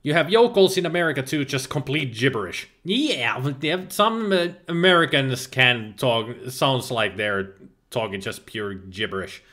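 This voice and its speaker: This mid-range male voice has lively intonation, a moderate pace and a bright, forceful tone. He's a game streamer from Finland, a native Finnish speaker, who chats casually while gaming, reading viewer messages aloud, laughing often and letting out playful exclamations.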